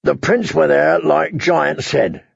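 A man plays a spiteful, bitter dog handler in a storybook reading. He talks with scorn and a gravelly rasp, threats said slowly. The sound is dry and dull. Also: on the high side, fairly even intonation, no room sound, heavily acted. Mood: sneering, bitter. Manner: sneering, scornful.

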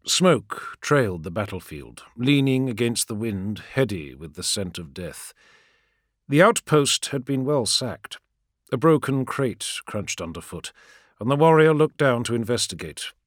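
A man narrating a story in a measured, dramatic storytelling manner. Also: medium pitch, big pitch swings, dry recording, studio quality. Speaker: audiobook narrator. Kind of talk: scripted narration.

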